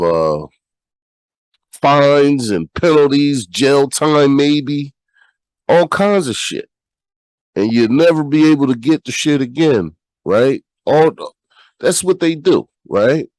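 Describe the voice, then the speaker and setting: Man, nasal, sick and congested, blunt podcast commentary, unhurried delivery. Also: mid-range voice, lively intonation, a little mellow, no echo, low-quality recording. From United States. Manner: blunt, repeats himself, swears freely. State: sick, stuffy. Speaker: podcast host. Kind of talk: casual commentary, reading news aloud.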